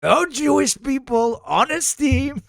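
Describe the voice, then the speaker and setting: A man live-streams his reactions to news footage, crude and mocking. His voice sits high and swings widely, with a rough, gravelly texture. The sound is dry and close. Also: fairly bright tone, dry recording. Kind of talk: casual live-stream commentary.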